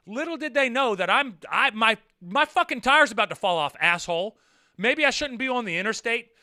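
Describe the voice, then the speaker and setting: A man with a high-pitched voice tells a personal story straight to the camera in a casual vlog. His tone is bright and a little sharp, full of swearing. He drops into low mutters, then climbs into loud, heated outbursts. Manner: profane, animated, swings from mutters to near-shouting. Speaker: vlogger.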